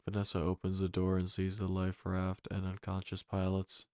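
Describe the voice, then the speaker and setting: A man reading a comic film script aloud as narrator in a drowsy monotone. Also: deep voice, normal speed, clean tone, dry recording, studio quality.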